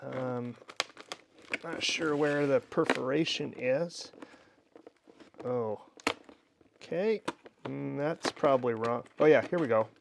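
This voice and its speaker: A man's voice: medium pitch, slow pace, gravelly, long pauses, background noise. A middle-aged man from Minnesota, a wine educator hosting a casual tasting vlog, telling rambling, jokey stories with fillers. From Minnesota, USA.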